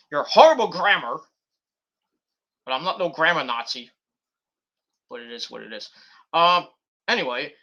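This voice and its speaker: A man's voice: fairly high pitch, bright, forceful tone. A man hosting a wrestling talk show, rambling in a casual and profane way, often restarting his sentences and filling gaps with ums. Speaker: wrestling podcast host.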